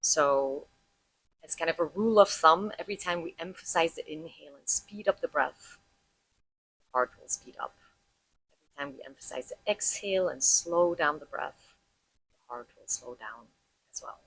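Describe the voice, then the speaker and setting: A woman teaching about heart rate and breath, calmly explaining and guiding listeners through a breathing practice step by step. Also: deep voice, moderate pace, long pauses, husky, poor audio. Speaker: breathwork instructor.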